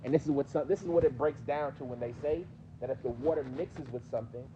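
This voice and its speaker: A man's voice: medium pitch, fast, dull audio, background noise. A man with a New York accent teaching a mosque class, questioning his students in a conversational way. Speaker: teacher explaining hadith.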